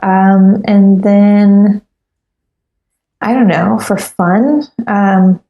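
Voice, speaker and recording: A woman's voice: mid-range voice, fairly even intonation, very slow, echoey room, highs cut off. A woman guest on a podcast interview, talking earnestly and resolutely with many ums.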